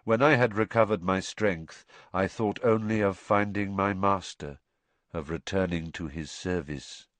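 A man voicing a drugged young man who confesses in a flat, expressionless voice. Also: sits low, measured pace, no echo. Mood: flat monotone.

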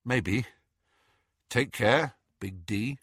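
A man's voice: mid-range voice, extremely slow, fairly bright tone, no room sound. A man voicing a teenage boy who speaks in a dry, understated way in a storybook reading. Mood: awkward. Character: wry teenage boy wizard, Harry.

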